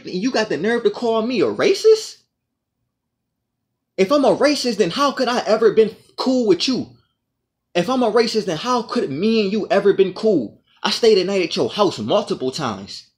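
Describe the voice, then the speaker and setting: A man's voice: sits high, expressive, moderate pace. A man in an aggrieved, profane monologue to the camera, repeating his points as he rants. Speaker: vlogger.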